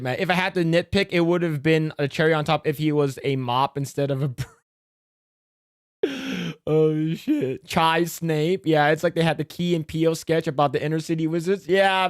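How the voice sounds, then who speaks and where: A man streaming live, reacting to a video in a casual, excitable way, swearing often and restarting his sentences. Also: a little high, no room sound, studio quality.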